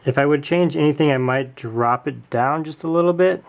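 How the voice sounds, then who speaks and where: Guy doing a diy tutorial at his table, gravelly voice, rambly and jokey, camera mic. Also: a little high, normal speed, muffled recording. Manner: chatty, self-correcting, jokey asides. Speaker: tutorial host. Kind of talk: casual hands-on tutorial.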